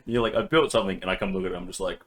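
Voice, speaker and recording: A man with a fairly low voice chats on a casual podcast. He retells a game session with lots of laughter, bursting into loud, acted-out lines and swearing freely. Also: racing. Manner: animated storytelling, acts out his own outbursts with swearing and laughter. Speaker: podcast co-host. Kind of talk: casual chat.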